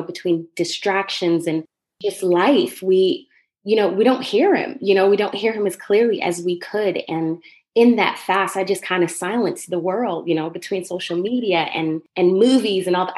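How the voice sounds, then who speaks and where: Jamaican woman guest with a hint of Southern drawl, earnest, quick to laugh, sharing her testimony. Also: on the low side, darkish tone. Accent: Jamaican with a slight Southern drawl. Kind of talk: testimony in casual chat.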